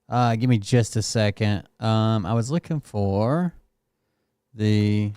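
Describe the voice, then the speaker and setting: A man's voice: on the low side, slow pace, mellow, smooth, no echo, studio quality. A man hosting a casual show, talking in a loose, rambling and profane way. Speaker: host. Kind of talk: casual chat.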